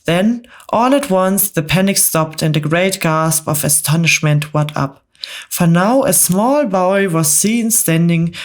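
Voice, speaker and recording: A woman reading a storybook aloud in a calm, gentle whispered role-play for bedtime. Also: lowish voice.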